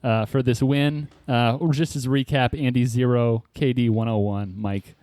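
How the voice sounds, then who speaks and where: A man's voice: medium pitch, steady tone, normal speed, darkish tone, dry recording. A man competing in a podcast trivia game, talking casually and joking around. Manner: joking mock acceptance speech. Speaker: quiz contestant. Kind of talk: casual chat.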